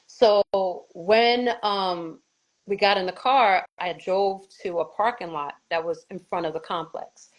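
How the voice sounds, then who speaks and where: New york woman recounting her story, lively, acts out voices, swears a bit. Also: mid-range voice, a little slow, highs cut off. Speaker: guest telling her story. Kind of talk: emotional personal storytelling.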